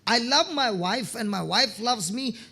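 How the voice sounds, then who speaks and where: High-voiced man preaching a sermon. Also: animated, measured pace, creaky, pushed and bright, breathy edge. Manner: checks in with listeners, repeats words when starting phrases. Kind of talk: sermon with testimony stories.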